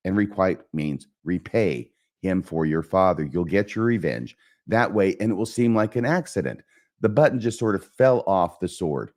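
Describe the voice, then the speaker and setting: A man's voice: low voice, brisk, a little mellow. A man hosting a literature lesson, explaining and paraphrasing verse lines. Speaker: host.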